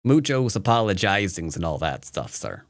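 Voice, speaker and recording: A man's voice: low-pitched, big pitch swings, normal speed, no echo, clean studio sound. A man teaching Go on a live stream, talking casually and playfully, joking with his chat and rambling with fillers and restarts. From United States.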